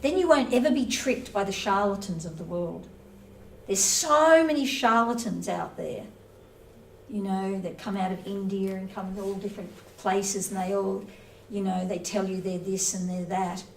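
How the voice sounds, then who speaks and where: A woman's voice: mid-range voice, moderate pace. A woman giving a casual, conversational lecture on scripture, playfully acting out little everyday scenes. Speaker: spiritual teacher. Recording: roomy echo, from a distance, faint noise.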